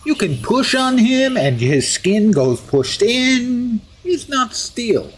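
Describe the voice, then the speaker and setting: A man's voice: very high voice, very animated, takes it slowly, slight background noise, voice pushed up, heavily acted. A man putting on a mock Russian accent to voice a boastful steel-skinned male mutant hero, speaking in formal, article-dropping phrases during in-character game commentary. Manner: formal, article-dropping, grandly self-praising.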